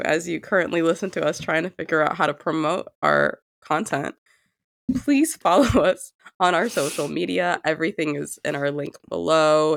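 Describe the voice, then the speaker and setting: A young woman co-hosting a casual podcast, hoarse from a cold, swearing and joking freely. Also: deep voice, dry recording. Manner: profane, joking, laughs often. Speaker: podcast co-host.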